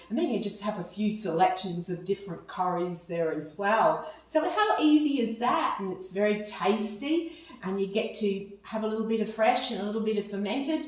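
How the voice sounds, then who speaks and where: A woman's voice: medium pitch, a little mellow. An Australian woman chattily demonstrating a meal step by step for a cooking video. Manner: chatty, cheerful, explains step by step. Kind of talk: casual food demonstration. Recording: very echoey room, mic far off.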